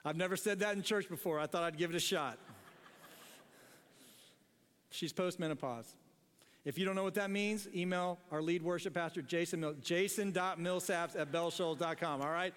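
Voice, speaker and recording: A man's voice: high voice, a little fast, a bit bright, clean tone, in a large hall. A man preaching a sermon as pastor in a church, in a casual, joking way, often laughing at his own lines. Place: church sanctuary.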